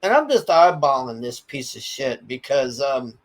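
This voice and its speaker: A man's voice: medium pitch, very animated, moderate pace, rough recording. A man ranting in a casual, profane way, telling a story bluntly and often stammering as he goes. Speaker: commentary streamer.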